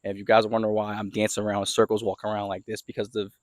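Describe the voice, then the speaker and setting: A young car vlogger with a fairly low voice rambles through a casual story full of fillers, filming himself as he walks around his yard outdoors. His delivery is completely flat and very fast. The recording is dry and close, with almost no room sound.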